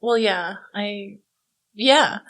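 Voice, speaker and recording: A woman's voice: medium pitch, very slow, fairly bright tone, low-quality recording. A woman co-hosting a casual movie review podcast, chatty and giggly, with lots of "like" fillers. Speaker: podcast co-host. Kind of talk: casual chat.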